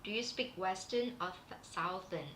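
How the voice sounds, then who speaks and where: Vietnamese-accented female teacher, bright unhurried delivery, echoey room with faint hum; chatty livestream lesson. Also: mid-range voice. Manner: chatty, with many fillers and restarts. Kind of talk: live-streamed class.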